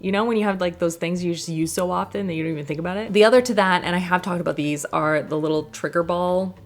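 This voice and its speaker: Chatty woman vlogger, low-pitched. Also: quick pace. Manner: chatty, rambling, laughs often, many fillers. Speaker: lifestyle vlogger. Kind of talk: casual product vlog. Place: home.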